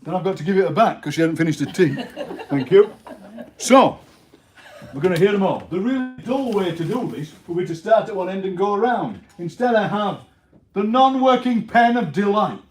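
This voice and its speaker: A man's voice: high voice, moderate pace, music in the background. Jokey man hosting a poetry workshop. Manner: jokey, animated, laughs often. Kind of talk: lively workshop banter. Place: library room with a group. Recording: echoey room with crowd chatter. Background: group of people laughing and murmuring.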